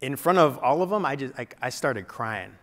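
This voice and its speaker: A man giving a keynote speech, telling a personal story dramatically and dropping to a hush at painful moments. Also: medium pitch, lively intonation, normal speed. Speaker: keynote speaker. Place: large event hall before an audience. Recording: long hall reverb.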